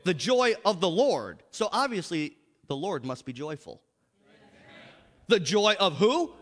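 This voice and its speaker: A pastor preaching a lively sermon in a church, repeating himself and laughing often. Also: male voice, high voice, unhurried, long reverb tail.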